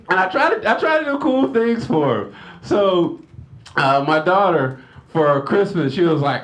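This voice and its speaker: Animated high-voiced male stand-up comic. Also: a little slow. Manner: animated storytelling, acting out family members in shouted bits; laughs at his own jokes. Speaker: stand-up comedian. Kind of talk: stand-up comedy set. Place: lodge hall before a live audience.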